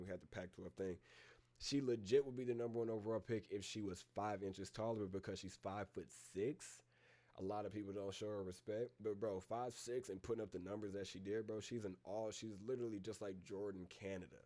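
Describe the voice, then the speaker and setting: A man's voice: lowish voice, warm tone. A man hosting a casual live-stream reaction, talking in a slangy, rambling way and calling his listeners bro. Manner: reads down a list of names with filler pauses.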